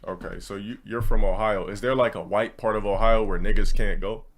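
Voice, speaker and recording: Low-voiced man ranting to his chat. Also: fairly even intonation, brisk. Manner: rambling storytelling, blunt and profane. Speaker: streamer. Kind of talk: casual ranting monologue to a live chat.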